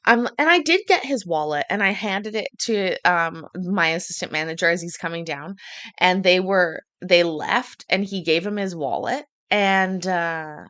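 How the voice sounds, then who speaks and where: A woman's voice: on the low side, unhurried, a bit bright, no room sound. A woman streamer casually telling a rambling, profane story to her live stream.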